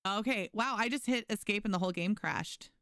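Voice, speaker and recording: A woman's voice: mid-range voice, fairly quick, a little hiss or hum. A young woman streaming a game, chatting casually with her viewers and thanking them. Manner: chatty, animated, reads chat aloud and thanks viewers. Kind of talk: casual livestream gaming chat.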